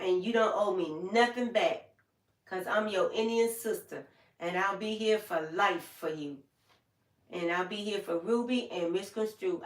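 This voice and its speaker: Older lady chatting on her livestream, folksy and heartfelt, kinda far from the mic in an echoey room. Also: medium pitch. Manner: folksy and heartfelt, talks straight to viewers by name. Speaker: livestream host. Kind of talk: casual livestream chat with viewers.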